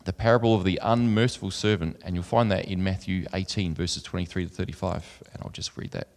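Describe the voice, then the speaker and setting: In a low, darkish, steady voice that runs a little fast, a man gives a sermon, earnest on the scripture and conversational, with fillers, in between. A long hall reverb fills the recording.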